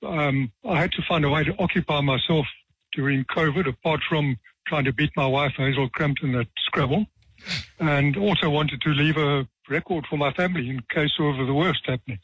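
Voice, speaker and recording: A man in his seventies, a retired judge from South Africa, tells stories from his career with dry, self-deprecating humor and measured pauses. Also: a little high, fairly bright tone, husky, dry recording. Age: 70s. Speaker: retired judge, author guest. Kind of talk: relaxed anecdotal storytelling. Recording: dull, dry radio sound.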